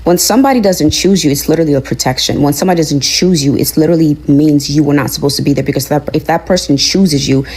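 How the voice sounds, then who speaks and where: A woman's voice: low-pitched, quick pace, few pauses, a little mellow, slightly rough, low-quality recording. A woman speaks in a played clip, delivering a motivational talk that sounds like a sermon. She is earnest and preachy, and she repeats her phrases for emphasis. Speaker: online commentator.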